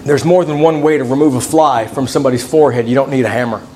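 Here a middle-aged man preaches quickly in a steady, somewhat dark tone, with a little background noise. He reads scripture aloud, tells personal anecdotes, and his folksy pitch moves widely as he shifts between points.

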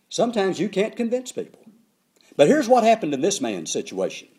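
An older man preaching a sermon, telling stories with emphatic, animated delivery. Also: high-pitched, moderate pace.

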